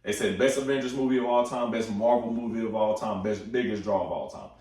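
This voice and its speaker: Young man, fairly low voice, excited slangy movie chat, swears a lot; echoey room, mic set back. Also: fast talker, distant mic. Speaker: movie talk host.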